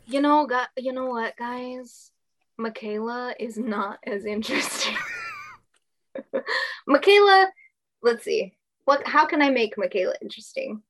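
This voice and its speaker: A woman's voice: a little high, lively intonation, a little slow, a bit bright, slight background noise. A woman, a voice actress guest, chatting playfully on a casual podcast.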